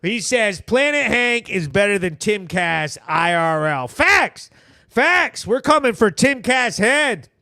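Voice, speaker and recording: A man's voice: high voice, lively intonation, unhurried, few pauses, bright, forceful tone, clean tone, no room sound, clean studio sound. A man hosting a live local news recap show, reading viewer comments aloud in a brash, joking, slangy way that sometimes turns sing-song. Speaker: host.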